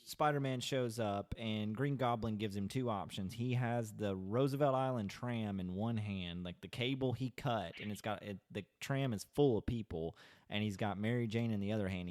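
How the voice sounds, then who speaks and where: A man's voice: on the low side, moderate pace, darkish tone, no echo, studio quality. A man co-hosting a podcast, casually retelling a movie's plot in a loose, rambling way full of "like"s. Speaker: podcast co-host. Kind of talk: casual movie recap chat.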